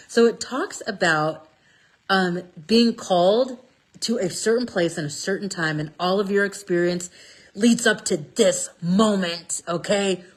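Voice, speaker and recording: A woman telling a Bible story in a casual, lively way, often checking in with "okay?". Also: medium pitch, a little slow. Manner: lively, chatty, stresses words with "okay?". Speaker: speaker sharing a Bible passage. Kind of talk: casual storytelling talk about scripture.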